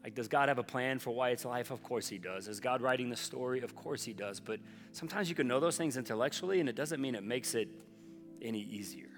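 A man in his thirties preaches in a large church hall. He talks earnestly and conversationally, often dropping soft and low. A long reverb trails his voice, and faint instrument music sits underneath. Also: a little fast. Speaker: pastor. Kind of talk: sermon. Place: church auditorium.

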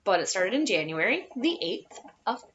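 A woman's voice: mid-range voice, very animated, normal speed, a bit bright, muffled recording, a little hiss or hum. Rambling woman in her twenties. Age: 20s. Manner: rambling, many fillers, laughs easily. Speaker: player and podcast co-host. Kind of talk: casual podcast chat.

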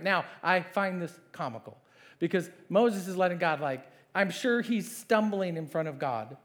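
A man preaching a sermon as pastor, conversational and animated, asking the congregation questions and acting out biblical characters. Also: high-pitched, normal speed. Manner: animated, acts out voices of Moses and God.

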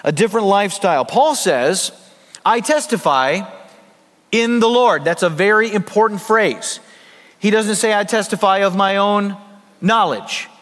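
Male pastor, high voice, conversational sermon delivery, long hall reverb. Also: a little slow, a bit bright. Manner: conversational preaching with acted asides.

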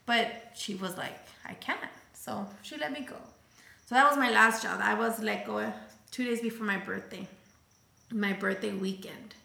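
Woman storyteller, gravelly edge, casual and expressive, switches languages freely, roomy sound. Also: medium pitch, moderate pace. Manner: switches between English and Spanish mid-sentence; acts out quoted voices, turns emotional.

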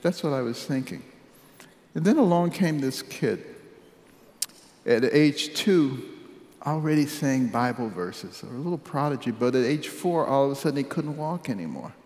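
A man in his seventies, originally from Detroit, recounts his life in a measured, wry manner, letting his voice fall quiet at the serious turns. His mid-range voice rings through a large hall with a long, echoing reverb. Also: mid-range voice, animated. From Detroit, United States. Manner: measured, wry, drops softly at serious moments. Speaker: speaker telling his life story. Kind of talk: personal storytelling speech.

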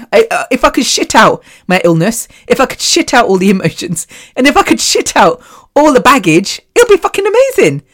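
A woman hosting her own podcast, talking candidly and bluntly, swearing freely and telling animated stories. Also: a little high. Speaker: podcast host. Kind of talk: candid casual monologue.

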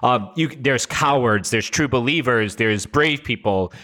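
Male podcast co-host, mid pitch, bright tone, enthusiastic and chatty. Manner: enthusiastic, filler-heavy, slows to stress points. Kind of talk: casual chat.

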